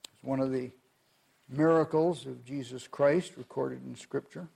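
A man preaching a sermon, reading scripture aloud and then speaking earnestly to his congregation with measured emphasis. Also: medium pitch, fairly even intonation, creaky, dark tone, breathy edge. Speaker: pastor.

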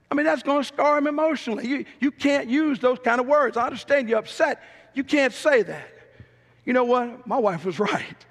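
A middle-aged pastor with a drawl preaches in an emphatic, storytelling way, driving his points home by repeating them. His voice sits high and carries a gravelly rasp, ringing out with a long reverb through a church sanctuary. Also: a bit bright. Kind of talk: sermon.

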